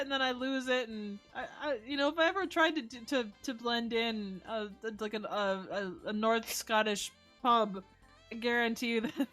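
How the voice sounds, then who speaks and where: American woman reading stream chat, high bright voice, giggly and playful. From United States. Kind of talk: casual live-stream chat.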